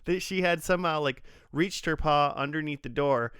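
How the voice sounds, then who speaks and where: A man's voice: a little high, normal speed, fairly bright tone, clear, resonant tone, no echo, clean studio sound. Chatty man hosting a podcast. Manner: rambling storyteller with frequent fillers and restarts. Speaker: podcast host. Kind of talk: casual chat.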